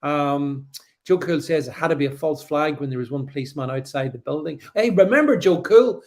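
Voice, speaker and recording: Animated sarcastic male live-stream host. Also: fairly high pitch, fast. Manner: animated, sarcastic, frequent restarts and stammers. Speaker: live show host reading viewer comments. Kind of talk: opinionated live-stream commentary.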